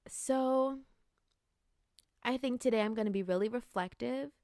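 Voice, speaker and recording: A woman's voice: a little high, unhurried, darkish tone, no room sound, studio quality. A woman in her late twenties hosting a podcast, talking in an earnest, musing way about growth and intentions, with many "like"s. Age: 20s. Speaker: podcast host. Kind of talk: reflective spiritual talk.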